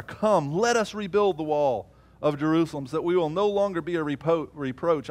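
A man preaching a sermon, swinging from loud emphatic peaks to low murmured asides.

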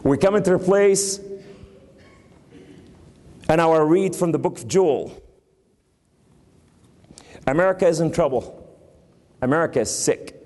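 A man's voice: on the high side, unhurried, long pauses, a little mellow, in a large hall. A man with a New York accent preaching an emphatic sermon in a church, quoting scripture.

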